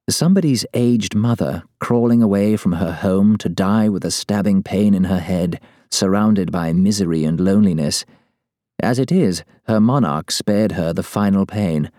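Male narrator for a period tale: very deep, dry close sound, formal and measured. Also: mellow, no echo. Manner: measured, formal, old-fashioned diction. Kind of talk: first-person storybook narration as a letter.

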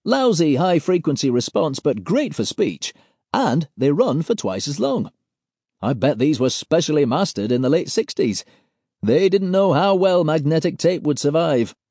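A man voicing an excitable geeky male colleague with breathless, wide-eyed enthusiasm. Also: very high voice, slow pace, few pauses, no room sound, clean studio sound, pitched above the performer's own voice, heavily acted. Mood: excited.

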